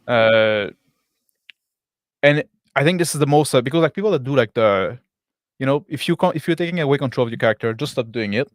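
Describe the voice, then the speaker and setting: Non-native-English male host, mid voice, halting casual delivery, dry close mic. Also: medium pitch, dry recording. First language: not English. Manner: halting, restarts phrases, non-native grammar. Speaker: game master and podcast host. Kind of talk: casual discussion.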